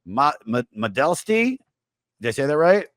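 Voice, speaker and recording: A man hosting a podcast in casual chat, animated, cursing freely and laughing often. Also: a little high, moderate pace, no room sound, studio quality. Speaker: podcast host.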